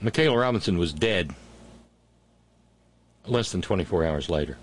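Profane, lively-pitched ranting male host. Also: normal speed, pauses often. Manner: angry, profane, sarcastic ranting with stammered restarts. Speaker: political talk host. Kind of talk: ranting political commentary.

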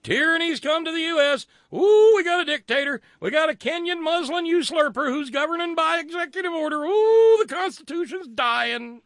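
A shrieking, panicked alarmist. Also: male voice, very high voice, expressive, moderate pace, hardly any pauses, fairly bright tone, no echo, studio quality, pitched above the performer's own voice, heavily acted. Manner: mocking, wailing exaggeration. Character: shrieking panicked mocked man, hysterical.

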